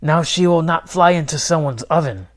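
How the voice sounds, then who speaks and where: A man voicing a gruff, grumbling old grandfather. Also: a little high, moderate pace, pitched above the performer's own voice, close to an everyday voice.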